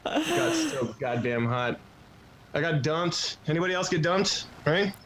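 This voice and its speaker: A man's voice: on the high side, big pitch swings, measured pace, over a noisy crowd, rough recording. A man in his twenties doing a crude, self-mocking stand-up set at an open mic. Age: 20s. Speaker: stand-up comedian.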